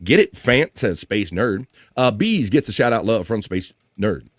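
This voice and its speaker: A man's voice: on the low side, sing-song, a little slow, dry recording, clean studio sound. A man hosting a live stream, chatting casually and reading viewer comments aloud.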